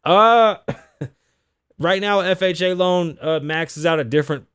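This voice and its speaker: A man's voice: high-pitched, takes it slowly, a bit bright, clear, resonant tone, no room sound, studio quality. Blunt, foul-mouthed man hosting a talk show. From Las Vegas, Nevada (lives there). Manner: blunt, heavy swearing, reads news aloud and riffs. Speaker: podcast host. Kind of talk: casual talk-show commentary, profane.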